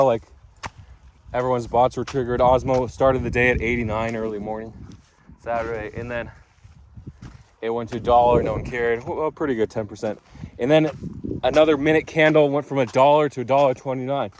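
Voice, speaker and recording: A man's voice: medium pitch, slight background noise. Rambling, chatty man vlogging outdoors. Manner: chatty, rambling with restarts and fillers. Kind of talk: rambling casual vlog.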